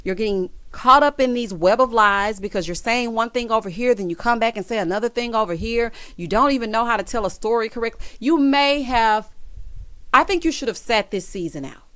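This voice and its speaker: A woman's voice: on the high side, a little fast, a bit bright, no room sound. A woman giving a gossipy recap of a reality TV episode, sassy and dramatic, calling viewers "honey" and "child". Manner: dramatic, teasing emphasis.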